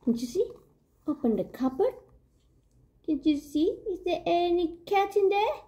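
A young woman reading a children's picture book aloud at story time, playful and animated, with gasps and giggles. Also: very high voice, measured pace.

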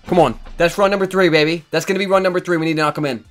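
A man giving excited live commentary on his own video game match, swinging from low muttering to loud yelling and swearing often. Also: rapid-fire, few pauses, faint music behind. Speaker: gaming YouTuber.

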